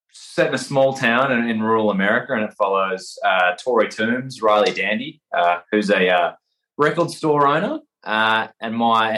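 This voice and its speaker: A man's voice: medium pitch, a bit bright, low-quality recording. A young man with an Australian accent, a guest actor chatting casually in an interview, full of fillers and restarts. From Perth, Western Australia. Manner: rambling, hesitant, many fillers and restarts.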